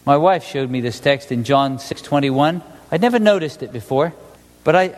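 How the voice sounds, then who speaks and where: A male pastor preaching a sermon in an animated, conversational way, often asking the congregation questions. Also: mid-range voice, in a large hall.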